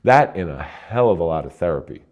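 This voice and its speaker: A man's voice: animated, brisk, narrow, tinny audio. A middle-aged man from New Jersey, a retired police officer, telling his personal story in an earnest, conversational way as an interview guest. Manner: earnest, conversational, with frequent restarts and emotional pitch swings.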